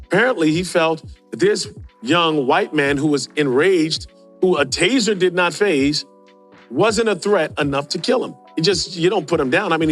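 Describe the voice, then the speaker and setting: A man's voice: fairly high pitch, fairly bright tone. A man hosting a podcast, commenting casually on video clips and often asking rhetorical questions. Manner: rhetorical, asks questions and adds "right?". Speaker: podcast host.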